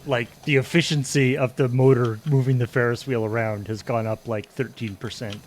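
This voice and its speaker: A man's voice: medium pitch, flat delivery, normal speed. Man with wry, musing game chatter. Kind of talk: casual gameplay chat.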